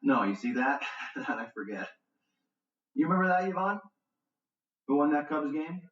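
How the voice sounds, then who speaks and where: A defensive suspect whose voice swings wildly in pitch as he goes from easy to snapping. The sound is dull and distant, like a TV movie heard across a room. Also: very animated, normal speed, a bit bright. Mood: easygoing. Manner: shifts from easy to snapping and coaxing. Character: defensive man, short-tempered with pregnant girlfriend. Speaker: suspect being questioned by police. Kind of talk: TV movie acting. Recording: dull, roomy TV audio from far off.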